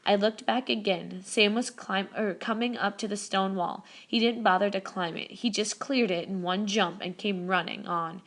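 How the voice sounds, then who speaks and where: A woman reading a novel aloud as first-person narration, steady, with small self-corrections. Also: mid-range voice, moderate pace, hardly any pauses. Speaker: reader. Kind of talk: audiobook narration.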